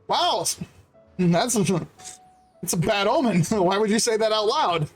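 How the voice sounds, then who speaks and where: A man's voice: high voice, lively intonation, unhurried, long pauses, faint music behind. A man commenting live on a game stream, joking and laughing often while reading game text aloud.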